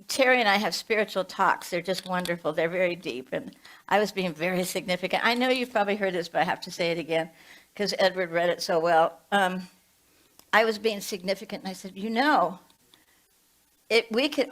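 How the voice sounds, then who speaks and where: Older lady minister in her late 70s, chatty sermon, tells stories, middle-pitched voice. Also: fairly bright tone, rough recording. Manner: chatty, storytelling with asides. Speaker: minister and hospice chaplain. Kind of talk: conversational sermon.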